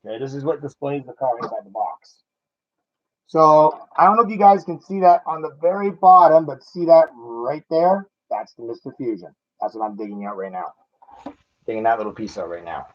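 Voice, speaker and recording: A man's voice: medium pitch, normal speed, highs cut off. A man chatting casually while unboxing a collectible toy car, self-mocking and laughing at himself.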